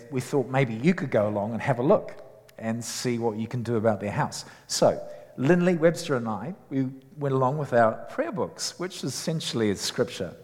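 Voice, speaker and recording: A man preaches a sermon, chatty and full of stops and restarts as he tells stories. His voice sits at an ordinary pitch. It rings out in a hall with a long reverb. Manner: conversational, many fillers and restarts. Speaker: chaplain and preacher.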